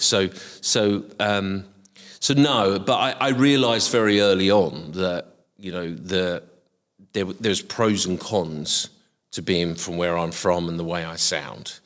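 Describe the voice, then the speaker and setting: Speaking as an interview guest, a middle-aged man from Essex works in HR and looks back on his career in a relaxed, reflective way. His very low voice carries a softened Essex estuary accent, he often says um and starts over, and a long reverb tail follows his words.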